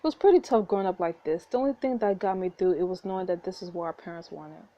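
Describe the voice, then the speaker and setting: A woman's voice: fairly low pitch, quick pace, warm tone, dull audio, close to an everyday voice. A woman voicing a guarded young man, the twin brother, speaking bluntly and warily as she reads a story game aloud. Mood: wary.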